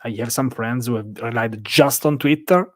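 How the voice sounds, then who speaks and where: A man's voice: mid-range voice, moderate pace, no room sound. A man with an Italian accent, casually chatting on a live stream from a hotel room, rambling through viewer questions with lots of "uh"s. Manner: rambling, answers chat questions with filler "uh"s.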